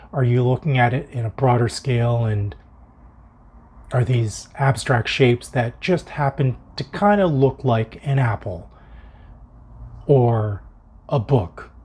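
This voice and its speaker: A man's voice: medium pitch, warm tone, breathy edge. A man hosting his own art video, talking in a reflective, musing way and thinking aloud as he goes. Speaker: art vlogger. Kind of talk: reflective solo video monologue. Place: home art studio.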